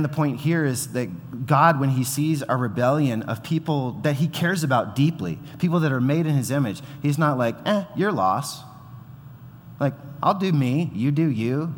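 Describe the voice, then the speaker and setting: A man in his thirties preaching to a congregation, talking casually and then bursting into acted-out voices. His voice sits at an ordinary pitch and carries a long reverb from the church hall around him. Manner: conversational, animated, acts out quoted voices. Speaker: pastor. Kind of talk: sermon.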